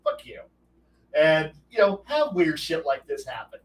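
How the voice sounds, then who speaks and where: A man's voice: on the high side, measured pace. Roomy, rambling man talking games. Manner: profane, rambling, animated with restarts. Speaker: host. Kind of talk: casual rambling talk. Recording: roomy echo, distant from mic, faint noise.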